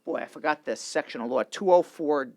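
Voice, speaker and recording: A male immigration lawyer hosts a casual legal talk show in a studio, speaking animatedly and circling back through his sentences. His voice sits a little high with a gravelly edge. The sound is dry and close. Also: a little fast, no room sound. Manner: animated, restarts and repeats himself.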